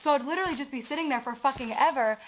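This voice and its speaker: A young woman recounting a frustrating job in casual, animated storytelling, exasperated and swearing often. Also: high voice, racing, slight background noise. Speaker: actress recounting a production.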